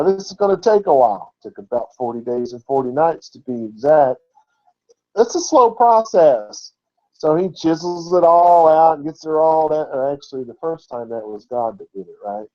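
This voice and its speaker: A man's voice: on the high side, warm tone, muffled recording. A man giving an informal, conversational sermon as a Bible teacher, often asking rhetorical questions.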